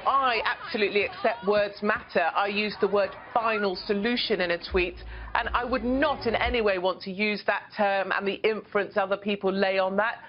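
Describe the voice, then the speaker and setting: A woman's voice: medium pitch, dull audio. A woman from Britain, a columnist speaking as a guest on a news show, talking in an impassioned, emphatic and indignant way. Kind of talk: remote TV interview.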